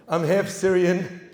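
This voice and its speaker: A man, a rabbi, giving a humorous talk to a live audience, telling stories with lively asides. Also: high voice. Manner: joking, storytelling, lively asides. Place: synagogue hall. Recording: echoey hall, live event.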